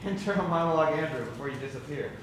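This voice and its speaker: An improv teacher running a class showcase, calling freezes and cues in a brisk, encouraging way. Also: medium pitch, lively intonation. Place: school theatre hall. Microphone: far room mic. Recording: echoey, distant, noisy hall recording.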